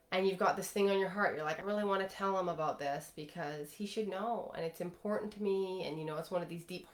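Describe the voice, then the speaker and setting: A woman in her thirties coaching on relationships in a soft, earnest way, voicing little example lines as she explains. Her voice sits a little low. The room around her gives a noticeable echo. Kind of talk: advice talk answering a viewer question.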